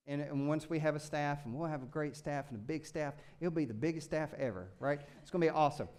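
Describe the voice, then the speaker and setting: A male pastor preaching with a high, smooth and resonant voice. He talks in an animated way, shouting with excitement at one moment and dropping low and quiet the next. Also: fast talker, hardly any pauses. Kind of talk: sermon.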